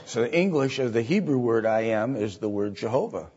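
A man teaching a Bible study lecture, halting with fillers and often checking in with "right?" and "okay?". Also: mid-range voice, lively intonation, a little mellow, husky. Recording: dull lo-fi recording.

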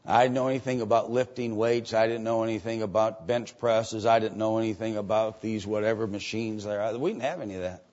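An older man preaching a sermon and reading scripture aloud. He moves between loud, emphatic preaching and quiet asides. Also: lowish voice, steady tone, brisk, hardly any pauses. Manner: reads scripture aloud in old-fashioned wording. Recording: dull lo-fi sermon recording.

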